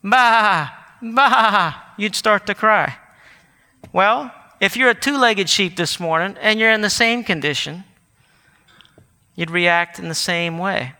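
A man's voice: sits high, unhurried, long pauses, pushed and bright. A man preaching a sermon as pastor, earnest and given to self-corrections and restarts, then leading a prayer. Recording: long hall reverb.

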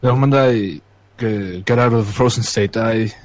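A man's voice: fairly low pitch, moderate pace, low-quality recording. A young man playing a tabletop game, stating his actions in a plain, matter-of-fact way. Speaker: player. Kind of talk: casual tabletop play.

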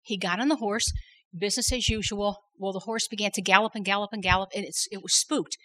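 A woman's voice: medium pitch, steady tone, brisk, bright, forceful tone, a little hiss or hum, poor audio. A middle-aged woman sharing a faith testimony at a women's workshop, earnest and repeating words for emphasis. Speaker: women's conference workshop speaker.

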